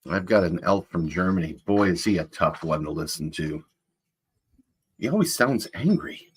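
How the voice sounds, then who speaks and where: A man playing Santa Claus, chatting to children in a rambling, folksy way with a husky voice. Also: deep voice, animated, normal speed. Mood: jolly. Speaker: Santa performer greeting children. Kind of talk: casual in-character chat.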